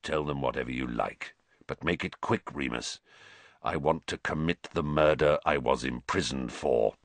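A man voicing a gaunt, vengeful escaped male prisoner with a growling, croaking voice. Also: rumbling low, normal speed, no echo, voice pushed down. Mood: cold.

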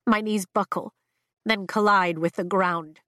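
A woman narrating a fantasy novel in the first person, with a measured, emotive reading. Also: mid-range voice, fairly even intonation, bright, forceful tone, no room sound, studio quality. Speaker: audiobook narrator.

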